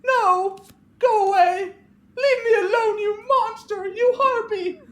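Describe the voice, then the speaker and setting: A woman's voice: very high voice, slow, a bit bright, reverberant, pitched above the performer's own voice, heavily acted. Woman doing a shrieking, sobbing young woman. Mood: hysterical. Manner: screaming through tears. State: crying.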